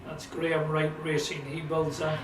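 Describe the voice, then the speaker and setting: A man with a Scottish accent giving chatty, excitable live commentary on a motorsport sprint event. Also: on the high side, normal speed. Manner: chatty, excitable, talks to a companion. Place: at a sprint track. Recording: roomy, distant mic with loud car noise. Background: car engines and outdoor ambience.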